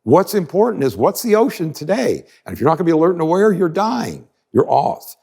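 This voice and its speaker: A man speaks in a gravelly, husky voice as he teaches a podcast audience. His delivery is emphatic and very lively in pitch. He often slips into brief voices to act out the people he quotes. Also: a little fast. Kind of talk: animated teaching talk.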